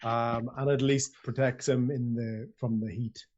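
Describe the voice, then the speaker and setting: A man's voice: medium pitch, flat delivery, a little slow, a little mellow. A man narrating as dungeon master of a tabletop game, chatty and rambling, often restarting his sentences. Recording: slightly dull lo-fi audio.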